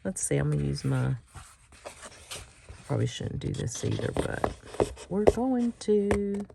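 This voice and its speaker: A woman's voice: mid-range voice, big pitch swings, a little slow, vocal fry, heavy background noise. A middle-aged woman hosting a casual crafting tutorial, chatty and self-mocking and often laughing. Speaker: craft channel host.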